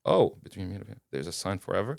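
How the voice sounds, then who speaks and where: Interview guest: a man, lowish voice, dry close sound, animated and chatty storyteller. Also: quick pace, vocal fry, no echo. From Kuwait. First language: Arabic. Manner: animated, casual storyteller who acts out dialogue.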